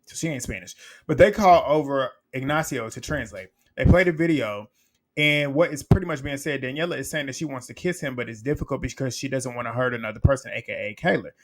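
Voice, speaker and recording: A man's voice: mid-range voice, fast. Blunt, chatty man recapping a show. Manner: chatty and blunt, swears freely, laughs often, acts out quotes. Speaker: reality TV recap reviewer. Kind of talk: casual episode recap commentary.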